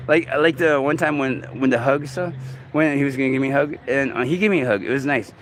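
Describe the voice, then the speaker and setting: A man in his forties talking casually to the camera in a halting, rambling way, full of fillers and restarts. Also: medium pitch, a little hiss or hum. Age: 40s. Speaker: vlogger. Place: outdoors in a city park.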